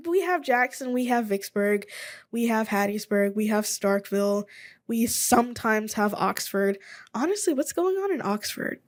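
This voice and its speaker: A woman in her twenties hosting a casual solo podcast, rambling and chatty, thinking out loud as she goes. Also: fairly high pitch. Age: 20s. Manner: rambling, chatty, thinks aloud while looking things up. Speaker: podcast host.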